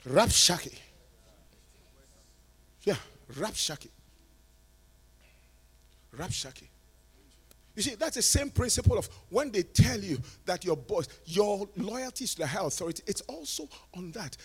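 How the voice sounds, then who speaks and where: High, gravelly man preaching in bursts. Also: sing-song, a little slow, pauses often. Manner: swings from hushed talk to shouted, sing-song preaching. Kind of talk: sermon at a conference.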